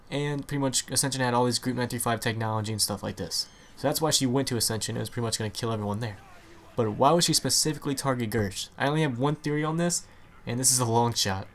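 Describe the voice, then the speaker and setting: A young man giving casual, rambling commentary on video game lore from home. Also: medium pitch. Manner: rambling, hedging, with frequent "pretty much" fillers.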